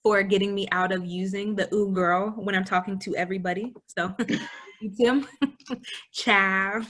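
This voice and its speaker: A young woman co-hosts an informal educational chat, speaking casually with a lively, playful manner. She laughs often and acts out little scenes, her voice sitting in a middle pitch range at a measured pace.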